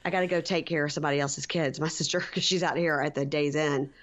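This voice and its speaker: A woman co-hosting a casual recap podcast, retelling scenes and acting out quotes in animated voices. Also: fast talker. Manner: animated storyteller, acts out quotes with jumps in pitch. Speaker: podcast co-host.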